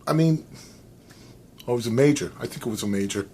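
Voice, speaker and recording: American guy vlogging his opinions, rambling, animated, faint background noise. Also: medium pitch, fast. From United States. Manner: rambling, animated, with many restarts and fillers. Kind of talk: casual opinion monologue.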